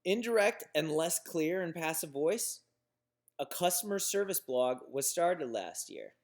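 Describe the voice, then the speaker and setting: A male instructor giving a recorded lecture on business writing. He explains examples plainly, with restarts and fillers. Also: fairly high pitch.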